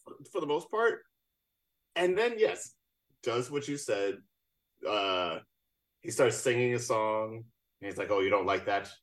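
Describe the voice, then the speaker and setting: A man's voice: medium pitch, expressive, slow pace, long pauses. A man in casual podcast talk, recapping a film with chuckles and mock quotes. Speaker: podcast co-host or guest. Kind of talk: casual movie discussion.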